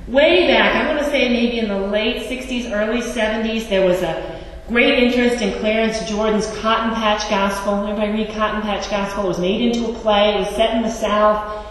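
A woman's voice: mid-range voice, steady tone, brisk, slight background noise. A woman pastor preaching a sermon in a church, conversational and wry, with asides to the congregation. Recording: echoey church hall, distant mic.

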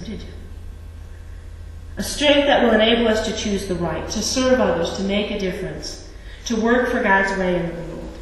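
A woman's voice: medium pitch, a little hiss or hum. A woman pastor preaching a sermon in a church, conversational and wry, with asides to the congregation. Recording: echoey church hall, distant mic.

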